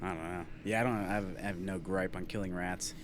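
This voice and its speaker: A man in casual podcast chat, tossing in quick jokey interjections. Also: sits low, fairly even intonation, background noise. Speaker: podcast co-host.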